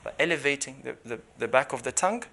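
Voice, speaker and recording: A man teaching a lesson on letter pronunciation, explaining patiently and repeating syllables loudly to demonstrate. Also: medium pitch, expressive, fast talker, creaky. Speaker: Quran recitation teacher.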